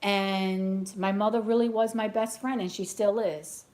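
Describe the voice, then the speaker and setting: A woman's voice: medium pitch, unhurried. Chatty, rambling woman tarot reader. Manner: rambling, goes off on tangents; chatty and animated storytelling, blunt. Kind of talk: casual chat during a live reading.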